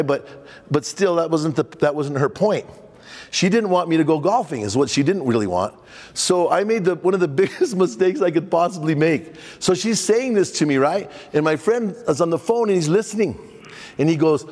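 A man, a pastor leading a men's conference workshop, telling a personal story with lively acted-out dialogue. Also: a little high, normal speed. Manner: animated storytelling, acting out dialogue. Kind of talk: conference talk with personal stories. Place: large hall before a men's conference crowd. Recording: long hall reverb.

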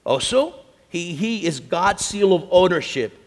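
Casting middle-aged male preacher, gravelly, animated storyteller, big hall reverb. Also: high voice, unhurried. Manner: animated storytelling, acts out quotes. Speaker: conference speaker. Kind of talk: sermon. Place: large conference hall.

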